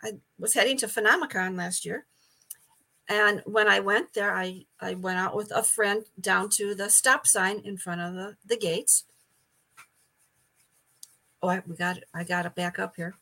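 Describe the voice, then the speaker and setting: A woman's voice: mid-range voice, steady tone, moderate pace, pushed and bright. An older woman telling stories as a guest in a casual interview, chatty, stumbling over repeated words and laughing often. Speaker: psychic medium guest.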